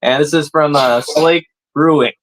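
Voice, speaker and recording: A man's voice: on the high side, steady tone, unhurried, a crowd in the background, rough recording. A man on a comedy podcast, telling stories in a laid-back way with casual swearing. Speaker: podcast co-host.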